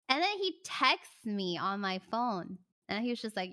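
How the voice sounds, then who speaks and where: Bright-voiced young woman telling a story. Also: mid-range voice, measured pace, hardly any pauses, no room sound, studio quality. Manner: animated, chatty storytelling, breaking off to thank viewers. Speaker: livestreamer. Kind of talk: casual storytelling chat.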